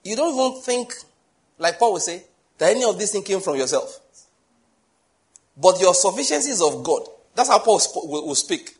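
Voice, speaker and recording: A middle-aged man preaching with a slightly raised voice. He is animated, fires rhetorical questions at the congregation and acts out little scenes as he goes. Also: high voice, normal speed, long pauses. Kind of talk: sermon.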